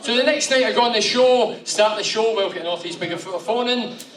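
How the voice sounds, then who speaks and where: A man in his fifties, a guest speaker telling animated after-dinner stories, swearing freely. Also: high voice, brisk. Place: function room with audience. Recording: echoey hall, far mic, crowd.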